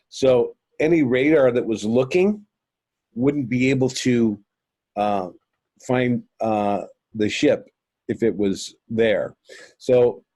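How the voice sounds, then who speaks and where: A man's voice: medium pitch, warm tone, no echo. A man telling a long personal story as an interview guest, earnest and rambling, with many fillers and restarts. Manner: earnest, addresses listeners as folks. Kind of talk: recounting a personal experience.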